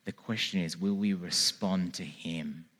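A man's voice: sits low, measured pace, fairly bright tone. A man preaching a sermon in a church, with earnest, pleading calls to turn to God. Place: church hall with a congregation.

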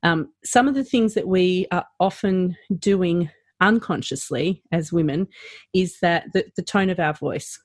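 A woman's voice: unhurried, dry recording. Woman, dry close podcast voice. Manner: animated, rising and falling pitch, lots of fillers. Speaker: practitioner educator. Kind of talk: podcast conversation.

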